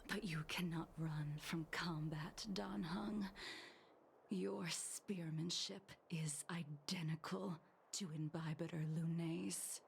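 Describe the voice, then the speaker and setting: An actress voicing a calm, manipulative woman villain in a game, speaking softly and coaxingly. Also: lowish voice, takes it slowly, vocal fry, a little hiss or hum. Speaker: game character. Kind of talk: voiced game dialogue.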